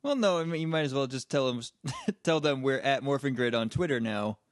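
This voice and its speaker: A man's voice: medium pitch, fairly quick, no echo, clean studio sound. A man co-hosting a casual podcast, tossing in short teasing quips. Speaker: podcast co-host. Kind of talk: casual chat.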